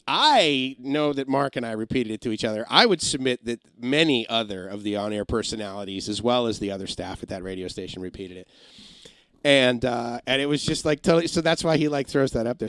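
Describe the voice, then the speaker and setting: A middle-aged man who used to be a radio engineer, chatting casually on a livestream, rambling through stories and slipping into quick comic impressions. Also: medium pitch, a bit bright, dry recording. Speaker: live streamer and former radio engineer. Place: home in Massachusetts.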